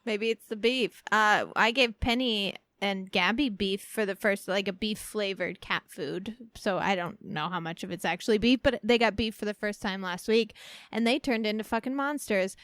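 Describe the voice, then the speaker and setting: A woman co-hosting a podcast in casual chat, animated and swearing freely with frequent laughs. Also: mid-range voice, normal speed, no room sound, studio quality. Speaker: podcast co-host.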